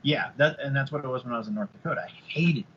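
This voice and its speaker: A man's voice: mid-range voice, fast talker. A man co-hosting a podcast in casual chat, throwing in wry quips and joking asides. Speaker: podcast co-host. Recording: dull sound with faint noise.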